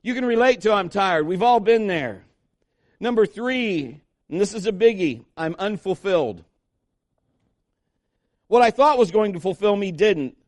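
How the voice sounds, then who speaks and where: A male pastor delivering a conversational sermon, with lively asides to his congregation and read scripture passages. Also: sits high, unhurried, pauses often, dry recording, clean studio sound.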